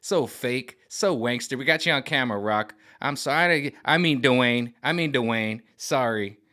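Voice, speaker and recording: A man rants straight into his camera, animated and mocking as he rambles. His voice is bright and forward, at a middling pitch. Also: moderate pace. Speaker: vlogger. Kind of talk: ranting monologue. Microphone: camera on gimbal.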